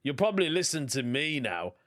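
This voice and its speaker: A man's voice: a little high, sing-song, fairly quick, a bit bright. A man with a Birmingham accent hosting a comedy podcast, reading listener stories aloud in a casual monologue and chuckling often. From England.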